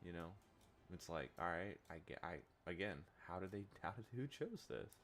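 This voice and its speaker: Deep-voiced young man chatting while gaming. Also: animated, moderate pace, a bit bright. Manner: rambling, amused, trails off into restarts. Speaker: gaming streamer. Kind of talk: casual chat while gaming.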